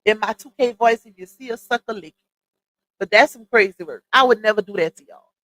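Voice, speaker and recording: A woman's voice: a little high, fairly bright tone, dry recording, low-quality recording. Blunt gossipy woman on a livestream. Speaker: livestream host. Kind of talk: casual commentary chat.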